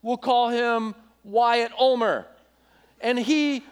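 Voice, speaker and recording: A young adult male pastor preaching a sermon, telling a story in a casual, animated way with asides to the congregation. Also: high-pitched, normal speed.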